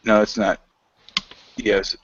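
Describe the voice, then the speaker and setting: A man's voice: on the low side, flat delivery, slow, slightly rough, lo-fi sound. A middle-aged man as an interview guest, telling a long anecdote over a video call in a casual, rambling way, with many fillers and quoted dialogue.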